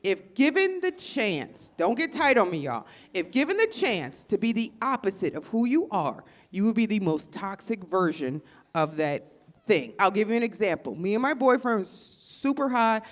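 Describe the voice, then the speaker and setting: A woman doing a stand-up comedy set, loud and animated, acting out quotes in shifting voices. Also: mid-range voice, moderate pace. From Chicago area.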